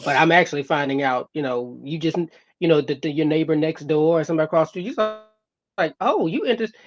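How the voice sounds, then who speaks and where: A man chatting casually as a guest, rambling and repeating himself, heard through a headset mic. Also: a little high. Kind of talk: casual podcast chat. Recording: muffled headset audio.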